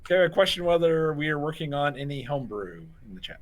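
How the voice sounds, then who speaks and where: A man's voice: fairly high pitch, very animated, fast. A man co-hosting a casual stream chat, teasing and asking the others questions. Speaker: stream co-host.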